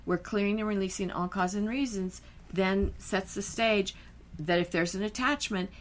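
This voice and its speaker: A woman's voice: medium pitch, normal speed. A woman co-hosting a podcast, a hypnotherapist chatting about her sessions in a confident, breezy and emphatic way. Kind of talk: casual podcast chat.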